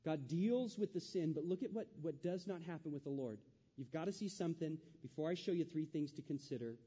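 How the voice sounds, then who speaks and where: A man's voice: fairly high pitch, a little fast, mellow, breathy edge, big-room sound, lo-fi sound. A male pastor preaching a sermon, acting out the quoted voices with rising intensity.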